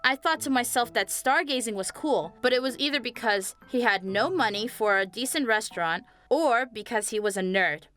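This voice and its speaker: Bright young woman narrating a story. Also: on the high side, animated, normal speed, hardly any pauses. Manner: chatty, addresses viewers directly. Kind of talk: scripted animated storytelling narration. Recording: faint music behind the voice.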